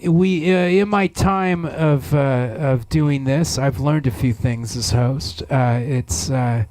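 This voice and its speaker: A man hosting a comedy variety show, musing in a halting, mock-solemn way. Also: medium pitch, fairly even intonation, a little mellow, no room sound. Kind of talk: deadpan comic hosting.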